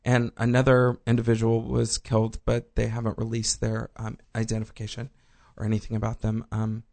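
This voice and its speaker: A man's voice: on the low side, completely flat delivery, a little fast, gravelly, darkish tone. A man hosting a casual call-in radio show from a studio, chatty and playful, turning sober for news items.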